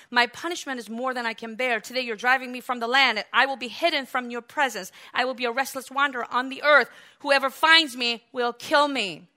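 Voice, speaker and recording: A woman preaching a sermon, acting out the quoted biblical figures with lively, raised delivery. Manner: animated, acts out biblical quotes with raised pitch and volume.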